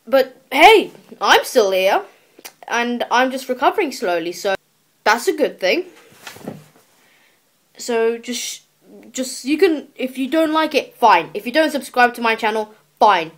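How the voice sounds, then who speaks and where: Teenage girl, emotional video diary, earnest, pleading, halting restarts, handheld camera. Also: a little high, very animated. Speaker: vlogger.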